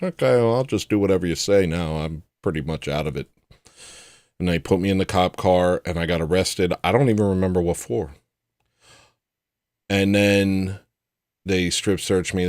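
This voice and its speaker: A man's voice: low voice, dry recording, studio quality. A man hosting a livestream show, telling a personal story in a casual, rambling way with frequent restarts.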